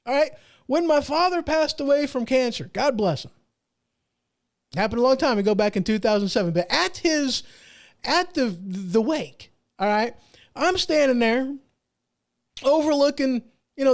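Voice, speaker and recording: A man hosts his own show. He rambles through a story with lots of fillers and restarts, joking about himself. It sounds like a casual, unscripted monologue. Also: extremely high pitch. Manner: rambling, self-deprecating, with frequent restarts and fillers. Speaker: podcast host.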